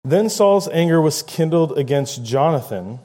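Mellow-voiced man preaching a sermon. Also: a little high, unhurried. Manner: conversational, animated preaching with quoted voices.

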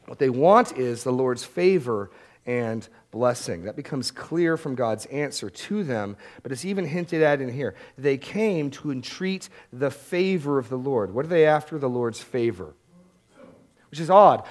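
Male preacher, plain mid-pitched voice, chatty sermon delivery that stumbles and repeats. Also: animated, unhurried. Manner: conversational, often repeats words as he restarts. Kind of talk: expository Bible-teaching sermon.

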